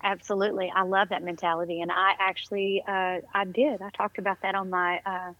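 A woman's voice: mid-range voice, flat delivery, a little fast, no echo, muffled recording. A woman talking as a podcast guest, upbeat and effusive, full of faith-filled encouragement. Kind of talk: casual interview chat.

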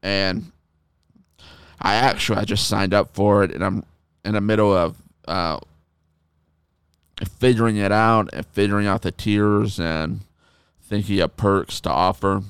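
Low, very clear man telling a story. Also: unhurried, long pauses, no room sound, clean studio sound. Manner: animated storyteller who swears freely. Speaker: podcast host. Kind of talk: casual podcast chat.

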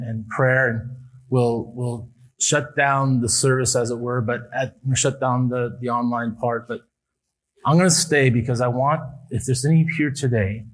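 A male pastor preaching a sermon at a church service, building emphatic appeals that rise and then drop quietly. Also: medium pitch, low-quality recording.

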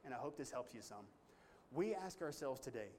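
A man preaching a sermon in a folksy, emphatic way, climbing high when stirred. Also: expressive, a little fast, dark tone, a little hiss or hum. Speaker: pastor.

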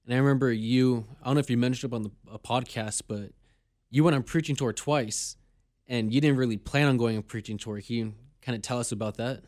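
A man's voice: medium pitch, fairly quick, a little mellow, no room sound, clean studio sound. A man hosting a casual podcast, asking his friend questions and reacting briefly. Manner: asks questions, short reactions. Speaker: podcast host. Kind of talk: casual interview chat.

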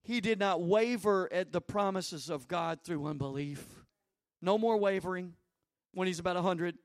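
High-pitched guy preaching hard, dry close sound, builds into loud praying. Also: moderate pace, no echo. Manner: fervent, rising into loud prayer. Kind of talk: sermon.

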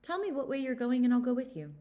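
A woman voicing a bold, boastful little male weasel in a children's story, talking with brisk swagger. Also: high-pitched, sing-song, dark tone, lo-fi sound, pitched above the performer's own voice.

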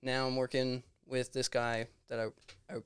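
A young man from Virginia chatting as a podcast guest, relaxed and hesitant with many ums. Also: medium pitch, unhurried, smooth. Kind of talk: casual interview chat.

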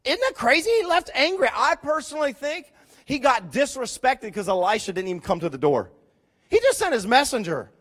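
A male preacher with a fairly high voice, telling a scripture story with big swings in pitch. He drops low and quiet, then climbs to loud, excited emphasis as he acts out the people in the story. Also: brisk. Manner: animated storytelling, voicing characters, rising to loud emphasis. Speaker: pastor. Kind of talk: sermon.

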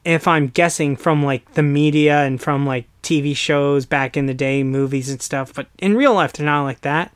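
A young American man chatting casually on a podcast, animated and quick to slip into playful voices. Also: a little high, clean tone, no echo. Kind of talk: casual chat.

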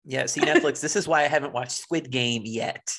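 Gravelly man in casual podcast chat. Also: medium pitch, normal speed, fairly bright tone. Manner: reads quotes aloud, wry and blunt. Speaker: podcast co-host.

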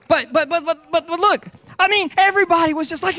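A man's voice: very high-pitched, fairly quick, few pauses. A man preaching a sermon in a church, telling stories with playful teasing. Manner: animated storytelling with playful teasing. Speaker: pastor.

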